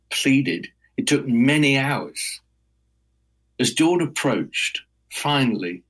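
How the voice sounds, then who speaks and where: Slow, husky male storyteller. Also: mid-range voice, fairly bright tone, rough recording. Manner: measured, dramatic storytelling. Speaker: storyteller guest. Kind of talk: oral folk-tale telling.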